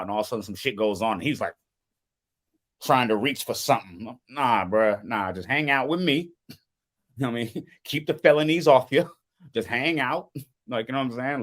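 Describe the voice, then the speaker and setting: Man, reaction streamer, casual slangy commentary, mid-pitched voice. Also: fairly bright tone. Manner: laughs often, slangy, repeats "you know what I'm saying".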